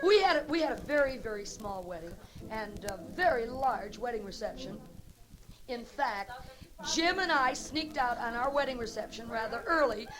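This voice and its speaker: A woman's voice: a little high, expressive, normal speed. A middle-aged woman doing live stand-up comedy, teasing the audience with bawdy jokes in a brassy, teasing manner. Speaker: stand-up comedian working the crowd. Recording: live club recording with loud crowd.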